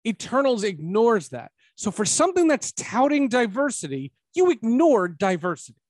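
A man hosting a podcast, chatting casually about a film and rising to emphatic, animated points. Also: very high-pitched, normal speed, dry recording. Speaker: podcast host. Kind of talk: casual film review chat.

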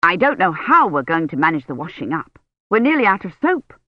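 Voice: medium pitch, big pitch swings, brisk, dry recording, lo-fi sound. A narrator voicing an anxious, fussy male college servant who speaks fretfully and deferentially, in an audiobook.

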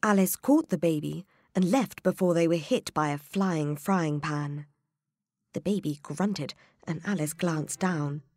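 A woman narrating a children's storybook in an expressive, unhurried way. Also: low-pitched, no room sound, studio quality.

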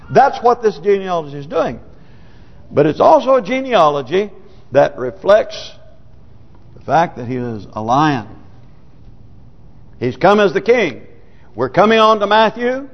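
A man with a high voice delivers a sermon, reading scripture aloud and repeatedly asking the congregation whether they are with him. The lo-fi recording is muffled, and a long church reverb trails after each phrase. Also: very animated, a little slow. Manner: asks the congregation rhetorical questions; reads scripture aloud with emphasis. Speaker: pastor.

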